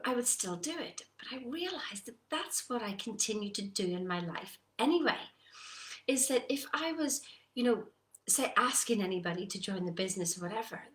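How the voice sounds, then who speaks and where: A woman giving a casual motivational talk, animated and acting out her own doubts. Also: medium pitch. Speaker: personal development coach. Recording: echoey room.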